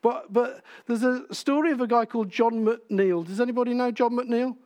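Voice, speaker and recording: High-voiced preacher. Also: male voice, normal speed, darkish tone. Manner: conversational, asks the congregation questions. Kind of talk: sermon.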